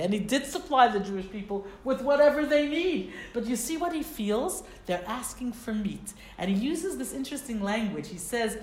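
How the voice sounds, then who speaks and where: Expressive woman teaching, roomy sound. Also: medium pitch. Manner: conversational, expressive, asks rhetorical questions. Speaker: Torah teacher. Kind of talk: casual explanatory lesson. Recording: roomy echo, faint background noise.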